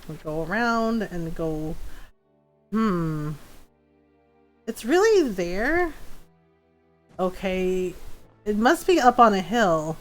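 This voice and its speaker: A woman game streamer chatting casually while she plays, rambling and laughing through her stories. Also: lowish voice. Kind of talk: casual live-stream chat while playing.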